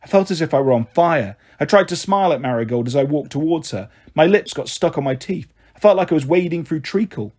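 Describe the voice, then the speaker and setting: Man, storybook narrator, husky voice, slightly high, expressive reading. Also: brisk, hardly any pauses. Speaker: audiobook narrator. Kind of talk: reading a children's novel aloud.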